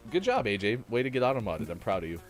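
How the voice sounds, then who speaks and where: A man hosting a morning show, chatting casually and reading out birthdays in a jokey, self-mocking way. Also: mid-range voice.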